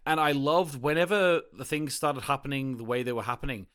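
A man's voice: medium pitch, steady tone, brisk, a bit bright. A man co-hosting a podcast, chatting casually and animatedly about a horror film, often restarting his sentences. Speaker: podcast co-host. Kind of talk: casual movie chat.

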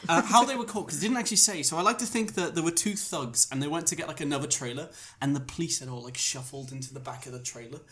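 A woman's voice: sits low, fast talker, fairly bright tone. A woman telling a comic story on a podcast, rambling and playful, often laughing. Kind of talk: casual comedic storytelling.

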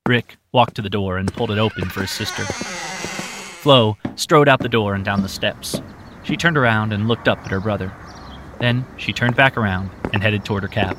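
A man reading a story aloud as narrator in a steady, measured way. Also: lowish voice, background noise. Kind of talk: audiobook narration.

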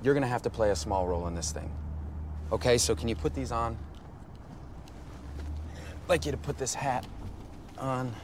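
An actor playing a heist leader who explains a plan in a halting, apologetic, measured way, in a film clip. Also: male voice, medium pitch, natural voice. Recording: film clip with outdoor traffic noise.

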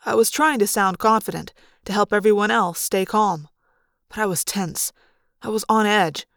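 A woman reading a novel aloud in an expressive first-person narration. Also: mid-range voice, moderate pace, no room sound, clean studio sound. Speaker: audiobook reader. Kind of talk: fan read-aloud narration.

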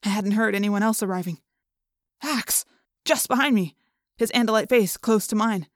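A woman's voice: mid-range voice, moderate pace, no echo, studio quality. Woman narrating a tense audiobook. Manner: tense first-person storytelling. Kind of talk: scripted narration.

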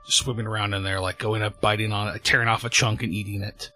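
A man's voice: on the low side, level tone, quick pace, bright, forceful tone, soft background music. A man narrating as game master of a tabletop horror game, loose and rambling, with many fillers.

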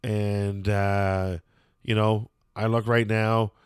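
A man's voice: on the low side, level tone, slow, clear, resonant tone, no echo, studio quality. A man chatting casually and opinionatedly as a show host, rambling with lots of fillers and some swearing.

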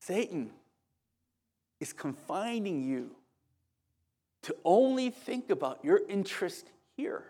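Animated high-voiced male pastor. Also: slow pace, pauses often. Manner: animated, conversational storytelling with asides. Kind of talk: sermon.

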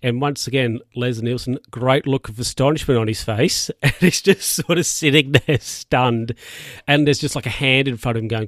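A man's voice: mid-range voice, moderate pace, no echo, clean studio sound. A young man casually recapping a TV episode, rambling with lots of fillers and asides. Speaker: show recapper.

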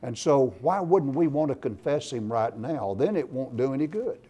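Preaching at an ordinary pace, this man has a medium-pitched, expressive voice with a slight roughness. He reads passages of scripture aloud and presses each point hard, his voice swelling loudly on the scripture and on lists.

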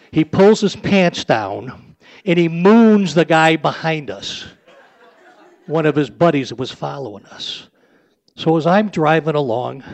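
A man's voice: on the high side, highs cut off. Blunt older man telling a story. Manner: blunt, salty, conversational. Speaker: limousine driver telling stories. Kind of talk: live storytelling to an audience. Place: live storytelling stage.

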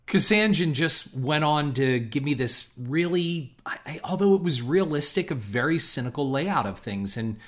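A man's voice: a little high, lively intonation, normal speed, few pauses, a bit bright. A middle-aged man hosting a podcast, telling a long personal story in a reflective, rambling way with frequent restarts. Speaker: podcast host.

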